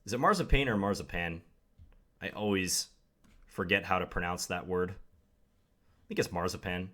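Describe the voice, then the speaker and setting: A man's voice: low-pitched, flat delivery, normal speed, sharp tone. A young man commenting live on his own game, thinking aloud with wry, self-deprecating asides. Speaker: chess commentator.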